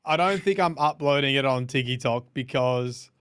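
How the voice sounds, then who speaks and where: A man's voice: mid-range voice, clean tone. A man co-hosting a podcast in easygoing casual chat. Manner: lively, quick, easygoing. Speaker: podcast co-host.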